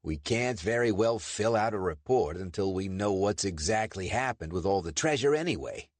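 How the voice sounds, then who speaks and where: A man's voice: lowish voice, lively intonation, moderate pace, no echo. A man voicing a cautious, impatient American agent in an audiobook, blunt in manner. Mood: wary.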